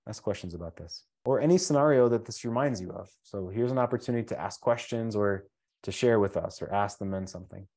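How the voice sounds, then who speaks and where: Deep-voiced male coach asking questions. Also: fast, a little mellow. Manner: probing, drawing others out with many questions. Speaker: relationship coach hosting a group call. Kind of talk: coaching talk on a group call. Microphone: online call.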